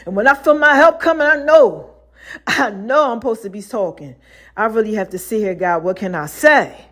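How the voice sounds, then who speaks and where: A woman with a fairly high voice hosts her own podcast in a relaxed solo monologue. She talks loosely in slang and laughs often. She acts out the other voices in her stories herself. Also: normal speed. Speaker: podcast host.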